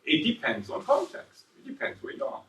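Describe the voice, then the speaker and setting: A man's voice: sits high, a little fast. A man teaches a seminar class, peppering his points with questions to the room. He sounds a few steps back from the microphone, and his voice rings around the hall. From southern Germany. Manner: lively, quizzes the class, tags 'right?' after points. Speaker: university lecturer. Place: lecture room. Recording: echoey room, voice far from mic.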